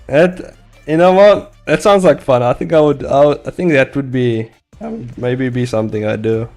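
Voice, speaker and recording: A man's voice: mid-range voice, moderate pace, a little mellow, soft background music. Laid-back guy streaming. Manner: rambling, laughs often, swears freely. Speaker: comic artist streaming. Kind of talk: casual live-stream chat.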